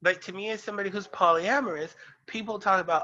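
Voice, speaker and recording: A man's voice: high-pitched, fairly even intonation, fast, hardly any pauses, bright, forceful tone, dull audio, a little hiss or hum. A man co-hosting a casual podcast chat, ranting in a sassy, emphatic way. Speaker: podcast co-host.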